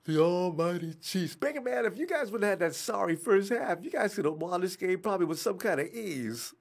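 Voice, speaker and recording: Excitable male football fan reacting to a live game, a bit higher voice with a breathy edge. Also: a little fast. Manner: excitable, talks at the screen, trash-talks players.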